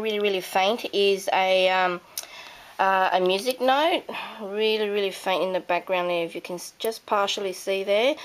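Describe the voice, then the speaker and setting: Croaky Australian woman with a cold. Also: fairly low pitch. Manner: chatty, rambling with many ums. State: hoarse from a cold. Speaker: crafting vlogger. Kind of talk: casual craft show-and-tell.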